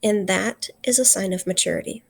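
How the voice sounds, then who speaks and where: Earnest gravelly-voiced woman teacher. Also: mid-range voice. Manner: earnest, slows down for emphasis. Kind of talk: recorded literature lesson.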